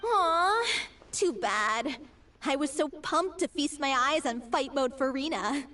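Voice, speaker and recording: Woman voicing a playful, teasing young woman, higher than her own voice; distant mic, light noise. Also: expressive, slow, sharp tone, full character voice.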